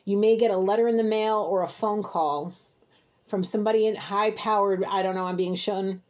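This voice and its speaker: A woman's voice: mid-range voice, steady tone, moderate pace, darkish tone. A woman giving an intuitive tarot reading to camera from home, talking in a heated, scolding, exasperated way. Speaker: intuitive reader. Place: home, alone with pets.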